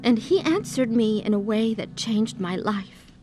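A woman's voice: on the high side, expressive, measured pace, mellow, soft background music. An actress playing a middle-aged wife who narrates her own story in a radio drama, earnest and heavy with pain. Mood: reflective. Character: weary wife recalling her troubled past. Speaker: narrator and lead character.

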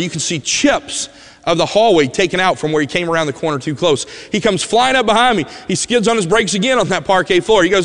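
A man tells a personal story from the pulpit in a somewhat high voice. He is a vivid storyteller who drops to a hush at the tender parts, and his voice carries a long reverb through a large church hall. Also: fairly quick. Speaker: preacher giving a testimony. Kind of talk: emotional sermon storytelling.

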